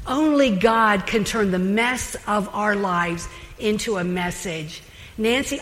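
A woman's voice: mid-range voice, a bit bright. A woman giving a chatty, conversational sermon as a Bible teacher. She speaks animatedly, with asides and laughter. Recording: long hall reverb.

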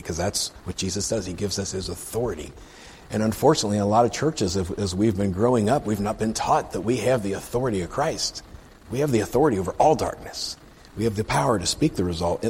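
A man's voice: low-pitched, a little mellow, slightly rough, long reverb tail. A man reading scripture aloud and explaining it in a casual, conversational teaching style, checking in with listeners as he goes. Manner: conversational, asks "right?" often, reads scripture aloud then comments. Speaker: preacher.

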